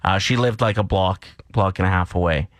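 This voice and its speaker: A man's voice: low-pitched, a little fast, no room sound. A man from Canada co-hosting a morning radio show, ranting and telling stories in casual chat. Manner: animated, ranting and storytelling.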